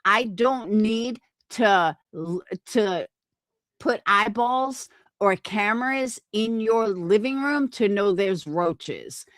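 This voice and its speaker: A woman in a heated stream argument, combative and profane, laying out her point deliberately. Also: medium pitch, animated, a bit bright, no room sound, clean studio sound.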